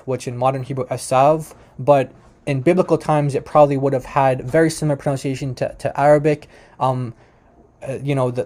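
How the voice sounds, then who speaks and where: A man's voice: mid-range voice, darkish tone. A man hosting a commentary on a video, explaining and correcting points patiently at his computer. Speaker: host.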